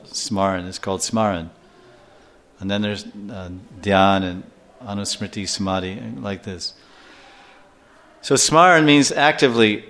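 An older man giving a scripture class lecture as a spiritual teacher, telling stories in a lively way and acting out little scenes. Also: mid-range voice. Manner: animated storyteller who acts out scenes and chuckles often.

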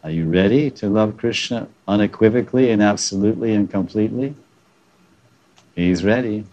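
A man with a slightly low voice delivers a devotional lecture as a spiritual teacher. He chuckles at his own jokes and slips into dramatized voices when quoting others. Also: moderate pace, dark tone, highs cut off.

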